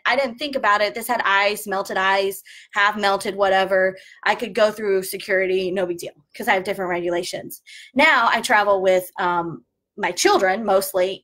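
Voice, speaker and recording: A woman's voice: medium pitch, fairly bright tone. A woman, a former flight attendant chatting casually through an unboxing review and sharing travel tips. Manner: chatty, jokey, explains tips.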